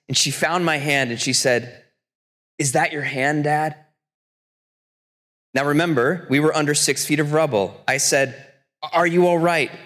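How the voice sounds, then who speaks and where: A man preaching a sermon as pastor, telling a story earnestly and slowing down for quotations. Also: mid-range voice, fairly bright tone. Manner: earnest storytelling, slows for quotes. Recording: long church reverb.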